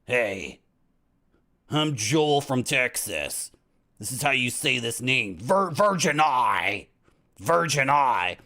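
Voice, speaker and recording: Man voicing a mock pronunciation video host, high, mock-formal, a bit off-mic. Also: big pitch swings, drawn-out words, few pauses, sharp tone, exaggerated voice. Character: mock male video host pronouncing French names.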